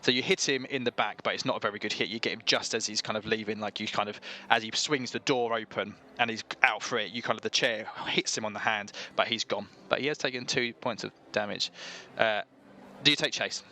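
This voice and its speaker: A man's voice: on the low side, fairly even intonation, brisk, pushed and bright. A man acting as dungeon master, narrating a tabletop game and patiently explaining the rules with lots of ums.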